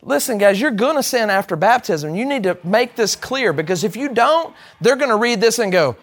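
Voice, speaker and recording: A man's voice: high-pitched, animated, normal speed, hardly any pauses. Emphatic man teaching a Bible class. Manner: emphatic, with rhetorical questions to the group.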